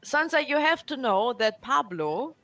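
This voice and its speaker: A woman co-streamer joins the chat on a live stream. She explains things in quick, giggly casual remarks. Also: sits high, sing-song, fairly bright tone.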